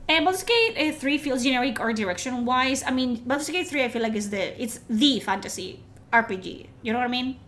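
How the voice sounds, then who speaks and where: A woman's voice: high voice, lively intonation, fairly quick, fairly bright tone, a little hiss or hum. A woman streamer chatting casually with her audience, chatty and profane, joking between game lines.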